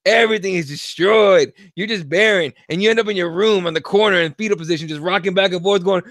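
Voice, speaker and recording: A young man co-hosting a podcast, talking casually in an animated, profane way and acting out quotes. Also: sits high, fast, no echo. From Mexico. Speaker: podcast co-host. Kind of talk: casual opinion chat.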